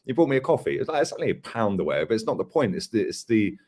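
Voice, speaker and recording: A man hosts a relaxed podcast chat, telling stories with animated energy and frequent laughter. His voice sits on the lower side. He talks loosely, with plenty of fillers. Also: fast talker. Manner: animated storytelling, laughs often, many fillers. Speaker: host.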